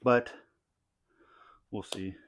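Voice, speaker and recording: A young man talking casually while training in his home garage gym, tired and a bit out of breath, rambling with lots of fillers. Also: extremely slow. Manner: relaxed, rambling, many fillers. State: tired, out of breath between sets. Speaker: strength athlete vlogging his training. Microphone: clip-on mic.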